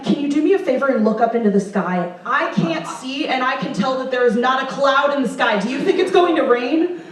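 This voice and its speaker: A young woman improv performer tells a comic story on stage in a performance room, chatty and amused with herself, using lots of fillers. Her voice sits high, with slight background noise. The recording is very echoey and taken from far off.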